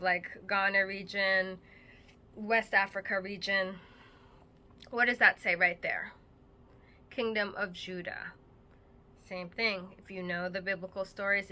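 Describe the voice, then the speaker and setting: A woman's voice: medium pitch, bright, forceful tone. A middle-aged woman from Massachusetts giving an earnest, conversational teaching monologue, loose and full of fillers. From Massachusetts, United States. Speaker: host.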